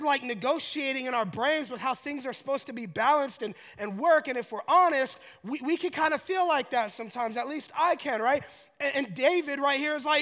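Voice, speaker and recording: A man from Colorado preaching a sermon, conversational and joking, building to loud emotional paraphrases. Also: very high voice, expressive, normal speed, in a large hall. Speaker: pastor.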